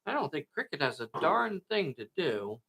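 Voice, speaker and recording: Male tabletop game host, raised pitch, gravelly edge, dramatic play-by-play for young-at-heart viewers. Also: big pitch swings, normal speed, bright, forceful tone. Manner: addresses viewers as boys and girls, dramatic asides. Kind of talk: enthusiastic play-by-play narration.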